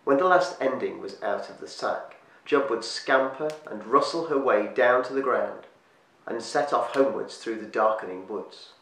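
A man reading a storybook aloud as storyteller, slowing and hushing his voice for eerie moments. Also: medium pitch. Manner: slows and hushes for eerie moments. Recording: echoey room, distant mic, faint hiss.

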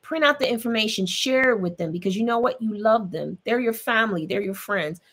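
A woman's voice: a little high, fairly quick, fairly bright tone. A woman hosting a podcast, giving an earnest, encouraging health talk and speaking directly to listeners, often repeating herself. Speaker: podcast host.

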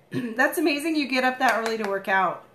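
A woman in her thirties doing a casual live makeup tutorial at home, chatty and rambling, with a morning voice and frequent throat-clearing. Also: fairly high pitch, lively intonation, moderate pace, a bit bright, echoey room, a little hiss or hum. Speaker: makeup vlogger, live stream host.

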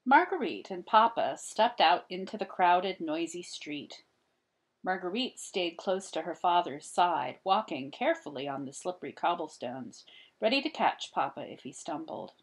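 A woman reading a children's picture book aloud as an expressive storyteller. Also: on the low side, normal speed, husky. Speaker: storybook reader.

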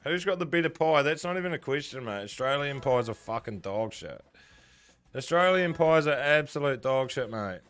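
A man's voice: medium pitch, animated, moderate pace, a bit bright, soft background music. A young man with a New Zealand accent, chatting casually and swearing often while he live-streams slots and answers his chat. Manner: swears a lot, banters with chat. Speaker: gambling streamer.

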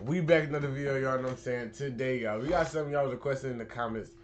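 A young man hosting a reaction video, talking in casual slang with loud, excitable outbursts and frequent swearing. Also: mid-range voice, very fast, a little hiss or hum.

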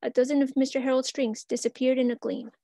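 A woman reads her own rhymed tale aloud in measured verse. Her voice is high, and the recording is close and dry. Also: flat delivery, mellow, dry recording. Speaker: student reader.

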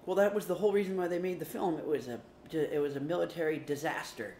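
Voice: mid-range voice, quick pace, a little mellow. A co-host of a casual beer review livestream, chatty and teasing, swearing casually. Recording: roomy room with faint noise.

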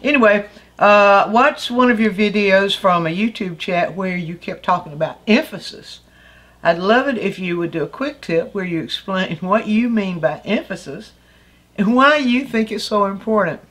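Older woman teaching art, chatty and unhurried. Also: medium pitch, expressive, a bit bright. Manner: thoughtful, conversational with many fillers and restarts. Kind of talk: casual art lesson.

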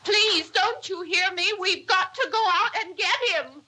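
A woman playing a dazed, frightened young woman who speaks in halting, broken phrases. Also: very high-pitched, sharp tone, exaggerated voice, poor audio. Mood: pleading. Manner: halting, faltering speech. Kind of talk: dramatic reading.

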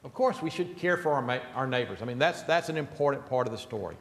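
A man's voice: medium pitch, expressive, quick pace. Man preaching in an echoing sanctuary. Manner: earnest, emphatic preaching. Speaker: pastor. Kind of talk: sermon. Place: church sanctuary. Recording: reverberant church sanctuary.

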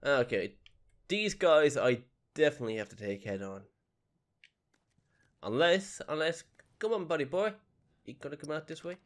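A man's voice: on the high side, sing-song, normal speed, long pauses. A man giving casual, jokey let's-play commentary into a desk microphone at home, reacting to the game and dropping to whispers while sneaking. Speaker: gameplay commentator.

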